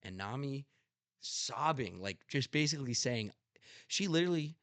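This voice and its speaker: A man's voice: mid-range voice, expressive, moderate pace, fairly bright tone, no room sound. A young man hosting a podcast in casual chat, telling a story with emphatic passion and the odd swear. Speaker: podcast host.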